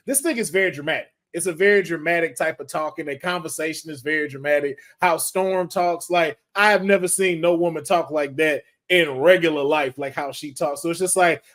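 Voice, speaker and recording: Man, podcast host, relaxed, steering talk, high voice. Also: moderate pace, few pauses. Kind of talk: casual chat.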